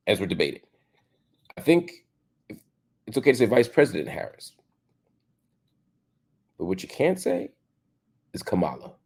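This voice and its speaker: A husky, warm male voice with vocal fry hosts an opinion commentary show. He argues emphatically, leaning on rhetorical questions and casual slang, and his pitch jumps to stress points.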